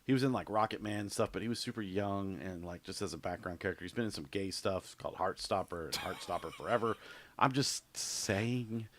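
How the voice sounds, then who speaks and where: A man's voice: low-pitched, brisk, a little hiss or hum. A man co-hosting a podcast in casual chat, rambling and offhand with lots of fillers and restarts. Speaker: podcast co-host.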